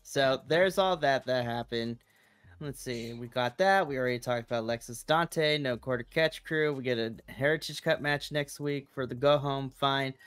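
Animated, bright-voiced male podcast co-host. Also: normal speed, smooth, no echo. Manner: animated, exasperated ranting with big pitch jumps. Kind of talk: casual podcast chat.

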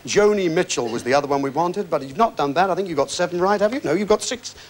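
A man's voice: sits high, expressive, fast, a little hiss or hum. A man hosting a television quiz show, reading questions and joking with contestants in a breezy, easygoing patter. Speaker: game show host. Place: television studio with audience.

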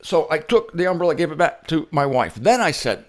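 A man's voice: on the high side, big pitch swings, fairly quick. A man teaching the Bible in a playful, theatrical way, repeating his key points with emphasis and telling stories with mock drama. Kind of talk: humorous Bible teaching monologue.

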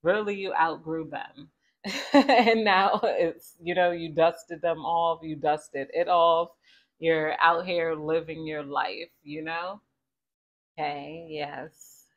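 A woman's voice: low-pitched, level tone, slow. A woman giving a casual tarot reading to viewers, chatty and conversational, often asking spirit to tell her more. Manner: chatty and conversational, repeats 'Spirit, please tell me more'. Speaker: tarot reader.

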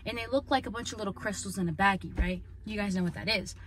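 An earnest woman recounts her own life story on her podcast, at an ordinary middle pitch. Her talk is loose and conversational, with plenty of "like" and "you know". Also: fast talker, fairly bright tone, a little hiss or hum. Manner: earnest, conversational, full of "like" and "right?". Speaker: podcast host. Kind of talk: personal storytelling.

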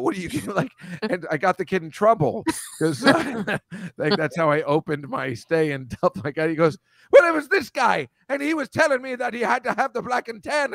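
A man's voice: on the high side, no room sound. A middle-aged man, a comedian, chatting on a live stream video call. He laughs often and wanders through long anecdotes, and his sound is close and dry. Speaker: comedian guest. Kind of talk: casual chat on a live stream.

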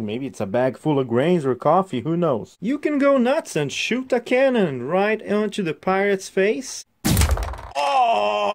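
A man's voice: on the high side, darkish tone, slight background noise. A man reviewing a toy set in a casual, chatty way, showing the pieces as he explains them.

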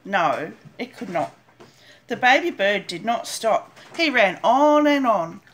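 Slow, lilting older woman reading aloud. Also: medium pitch, expressive, a bit bright, slight background noise. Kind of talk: storybook read-aloud.

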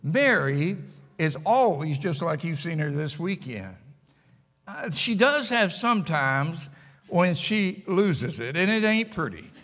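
A man's voice: a little high, big pitch swings, slow pace, fairly bright tone, in a large hall. An older man preaching a sermon in a church, telling a story in a folksy, emphatic way with repeated phrases. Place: church sanctuary.

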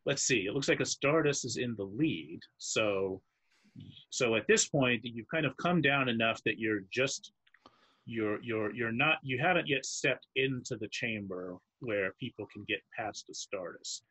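A man running a tabletop game as dungeon master, describing scenes haltingly with many pauses and restarts. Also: medium pitch, pushed and bright, slightly rough, dry recording. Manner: halting, searching for words while describing.

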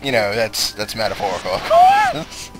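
A young man commentating on his own gameplay, cursing and shouting at the game. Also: fairly low pitch, moderate pace, very noisy. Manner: profane, excitable, shouts and curses at the game. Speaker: let's play host.

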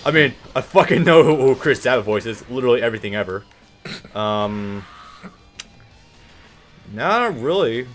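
A man's voice: medium pitch, animated, moderate pace, pauses often, soft background music. A man giving casual gameplay commentary, laid-back, swearing freely and trailing off with ums. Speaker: let's play host.

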